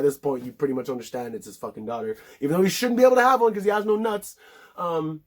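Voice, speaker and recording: A man's voice: on the high side, animated, fast. A man casually recapping a movie in a rambling, profane way, full of filler words. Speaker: film reviewer.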